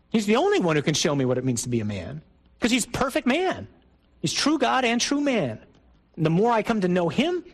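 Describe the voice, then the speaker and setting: A man's voice: on the high side, low-quality recording. A middle-aged man, a priest, giving a conversational, emphatic talk to a group of men. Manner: conversational and emphatic, with rising bursts. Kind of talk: sermon talk to a men's group.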